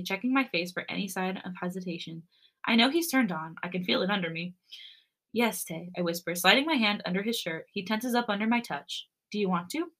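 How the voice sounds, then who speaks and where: A woman podcast co-host reading romance fan fiction aloud, expressive and sometimes breaking into giggles. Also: mid-range voice.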